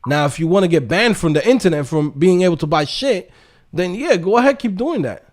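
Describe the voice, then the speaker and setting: A man's voice: high-pitched, expressive, a little fast. A man hosting a livestream, ranting profanely in casual talk about his coding courses and refund requests.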